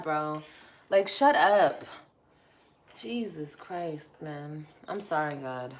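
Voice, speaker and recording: A woman's voice: fairly low pitch, lively intonation, takes it slowly. Profane, heated woman ranting on stream. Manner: blunt, profane, passionate. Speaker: vlogger. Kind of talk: livestream rant.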